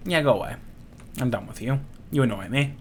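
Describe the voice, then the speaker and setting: A man giving casual let's-play commentary, swearing and laughing as he jokes. His pitch jumps around in a lively, animated way. A faint background hiss sits under the voice. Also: brisk. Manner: profane, giggly, joking. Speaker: game streamer.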